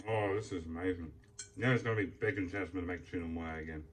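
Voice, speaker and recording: A young man telling an animated, foul-mouthed story as a casual vlog while he eats. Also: deep voice, fast, recorded from a distance, slight background noise. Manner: heavy swearing, animated storytelling. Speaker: food vlogger. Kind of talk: casual ranting while eating. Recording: voice off from the mic.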